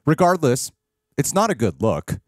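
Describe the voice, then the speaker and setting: A man hosting a casual entertainment news chat, jokey and animated, acting out quotes in big voices. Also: on the high side, normal speed, dry recording, clean studio sound. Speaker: podcast host.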